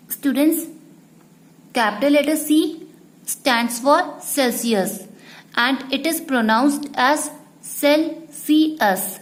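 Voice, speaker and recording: A woman teacher, explaining a lesson to students slowly and repeating each point. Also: high voice, rough recording. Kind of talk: slow classroom explanation.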